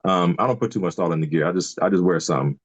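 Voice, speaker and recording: A man's voice: low-pitched, racing, no room sound. A man in his fifties, a podcast guest and DJ, chatting casually and rambling through stories with lots of fillers and restarts over a video call. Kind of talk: casual chat.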